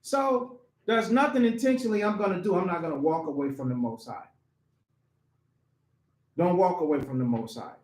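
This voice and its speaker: Male preacher, very high and animated voice, casual delivery with lots of questions, echoey room. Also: moderate pace, pauses often. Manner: animated, asks the congregation questions, laughs often; colloquial, repeats key phrases for emphasis. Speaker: preacher teaching scripture. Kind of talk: informal sermon teaching.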